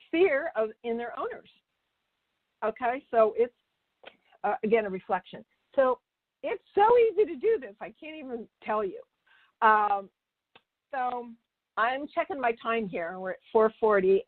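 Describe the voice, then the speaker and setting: Chatty and anecdotal, this woman animal communicator teaches in a medium-pitched voice, frequently starting sentences over and acting out conversations. There's no echo, just a dry, tinny phone-like sound.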